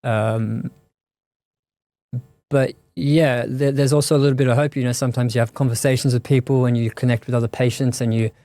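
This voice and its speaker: A man talks through an interview at an even, steady pitch that barely rises or falls. He stops and restarts his thoughts as he weighs each word. The sound is dry and close, with no room echo. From Australia. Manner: thoughtful, halting, many restarts and fillers. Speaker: guest. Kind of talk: reflective conversational interview.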